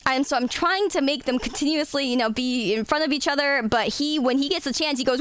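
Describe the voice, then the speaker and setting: A woman's voice: high-pitched, a little fast, few pauses, a bit bright, slight background noise. A young woman streamer chatting casually with her viewers, laughing often and swearing freely. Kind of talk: casual chat.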